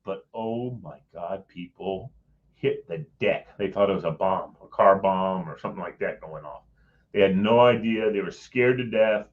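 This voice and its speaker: A low-voiced middle-aged man, speaking a little slowly on a muffled recording, tells a personal story as a guest in a relaxed chat. He animatedly imitates the voices of those he quotes, chuckling mid-sentence.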